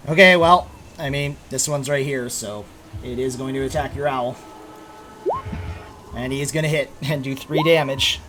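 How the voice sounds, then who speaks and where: A man's voice: medium pitch, normal speed, noisy background. A man running a tabletop game, explaining rules with lots of fillers and restarts. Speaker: game master.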